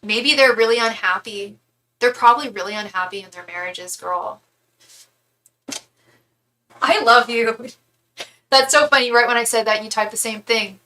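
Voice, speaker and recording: A woman's voice: a little high, moderate pace, long pauses, sharp tone, low-quality recording. A young woman giving a casual live tarot reading, chatty and candid, thinking aloud with frequent restarts. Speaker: tarot reader.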